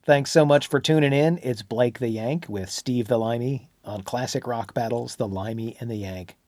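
A man's voice: mid-range voice, moderate pace, no echo, studio quality. A man from Texas, co-hosting a podcast, delivering a friendly, upbeat outro with a light teasing edge. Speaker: podcast co-host. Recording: loud guitar music underneath.

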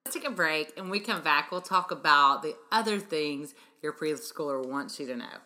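A woman's voice: low-pitched, lively intonation, moderate pace, bright, forceful tone, a little hiss or hum. A middle-aged woman hosting a parenting talk show, speaking earnestly and emphatically to her listeners as an early-childhood educator. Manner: earnest, emphatic, addresses listeners as "you guys". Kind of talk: radio-style parenting talk monologue.

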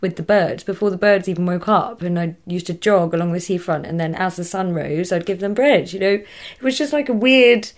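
A woman's voice: fairly low pitch, a little fast, few pauses. Laughing young Englishwoman, trailing off. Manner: laughs often, trails off mid-sentence. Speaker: guest. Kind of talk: casual conversation.

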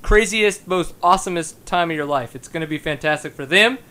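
A man's voice: on the high side, fairly quick, sharp tone. A man hosting a casual podcast interview, joking and enthusiastic. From United States. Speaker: podcast host.

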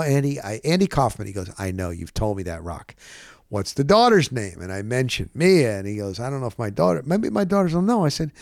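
A man's voice: a little high, no echo, clean studio sound. Chatty New man spinning anecdotes. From New Jersey. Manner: rambling, animated anecdotes with self-corrections and quoted dialogue. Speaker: podcast host. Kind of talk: casual storytelling.

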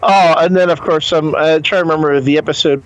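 A man's voice: fairly high pitch, fairly even intonation, brisk, no room sound, highs cut off. A man in casual chat about TV, wry and rambling, with some fillers.

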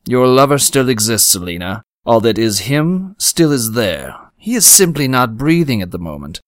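A cool, calculating dark sorcerer , voiced by a man, speaks in a steady, formal, precise way. His pitch sits in an ordinary male middle range, and the recording is dry and close with no room sound. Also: moderate pace, no room sound, natural voice. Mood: measured. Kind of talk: audiobook character reading.

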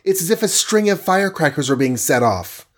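A man reading aloud who voices a quick, alarmed young heroine with a raised, breathless pitch. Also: fairly even intonation, close to an everyday voice. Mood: amazed. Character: young adult woman hero, quick and alarmed.

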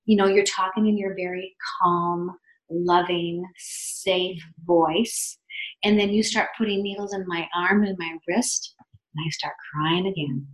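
A woman in her fifties, a podcast guest telling her story in a chatty, animated way. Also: on the low side, measured pace. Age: 50s. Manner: chatty, animated, acts out quotes. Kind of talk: casual storytelling. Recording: echoey room.

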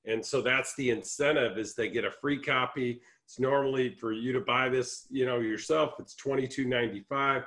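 A man hosting a casual interview over a video call, explaining things in a relaxed way. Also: mid-range voice, moderate pace, few pauses. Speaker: host.

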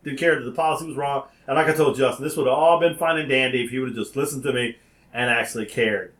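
A man telling a story in an animated way, acting out phone calls and sometimes rising to a shout. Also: mid-range voice, fast talker, roomy sound.

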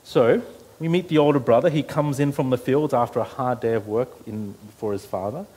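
A man's voice: mid-range voice, brisk, warm tone, husky. A pastor preaching an earnest sermon to his church, his voice rising when he quotes scripture.

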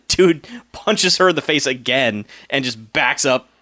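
A man in a casual movie-recap chat, talking in an animated way and laughing often. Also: mid-range voice, slow pace. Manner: animated, laughing, mimics characters in quotes.

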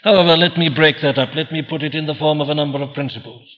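A man's voice: fairly high pitch, steady tone, fast, in a large hall, lo-fi sound. A man preaching a sermon earnestly, posing questions and answering them himself. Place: church.

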